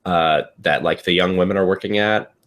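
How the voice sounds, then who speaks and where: A man with a low voice is a player in a casual tabletop game. He feels his way through each idea, hesitating and thinking aloud. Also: moderate pace, fairly bright tone.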